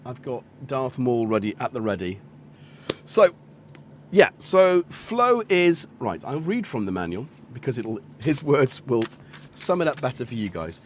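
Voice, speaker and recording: A man's voice: mid-range voice, a little hiss or hum. A man hosting a casual live stream, chatting loosely and greeting viewers while demonstrating a synth module. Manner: rambling, chatty, self-correcting, greets viewers. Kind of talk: casual live-stream chat and product demo.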